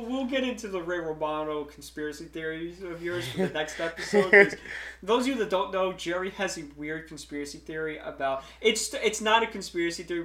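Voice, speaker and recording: Podcast host, male, chatty and rambling, slightly high voice, echoey room. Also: a bit bright. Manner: rambling, lots of fillers and restarts. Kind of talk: casual chat. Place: room streamed live.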